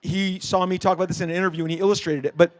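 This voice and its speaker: A man's voice: sits high, fairly even intonation, very fast. A middle-aged man on a convention panel telling a story in casual, rambling style, full of fillers and restarts, acting out the people he quotes. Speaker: comic creator on a convention panel.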